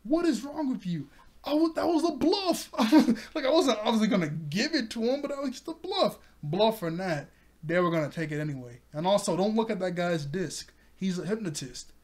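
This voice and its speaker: A man casually recapping a cartoon episode, chatty and quick to laugh. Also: sits high, animated, a little mellow. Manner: giggly, chatty. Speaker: anime reviewer.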